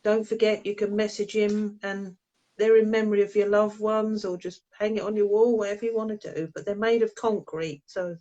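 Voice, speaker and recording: A woman's voice: medium pitch, steady tone, normal speed, mellow, muffled recording. A woman hosting a casual live video as a medium, chatting, laughing and reading out viewers' comments. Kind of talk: casual live-stream chat.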